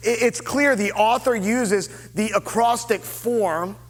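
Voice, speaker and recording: A man preaching a sermon as lead pastor, earnest and deliberate, with dramatic pauses. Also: sits high, long reverb tail. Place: church sanctuary.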